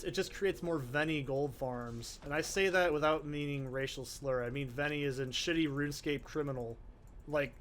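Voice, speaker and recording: Exasperated male gamer, cursing constantly, voice a bit higher than usual, faint background hum. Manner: ranting, profane, exasperated. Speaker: gaming channel host. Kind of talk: let's play commentary.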